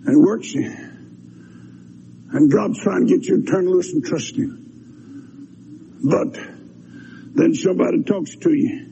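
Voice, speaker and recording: A man preaching a revival sermon, shouting and then dropping low in turn. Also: huge pitch swings, unhurried, creaky, pauses often. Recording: dull lo-fi recording with faint hiss.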